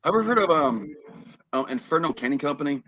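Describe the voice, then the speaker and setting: A man chats as a podcast guest and tells a rambling story packed with ums and restarts. His pitch swings around a lot. The sound is dull, lo-fi and dry. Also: animated, fairly quick, a bit bright, dry recording. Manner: rambling, filler-heavy storytelling. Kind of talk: casual chat on a call.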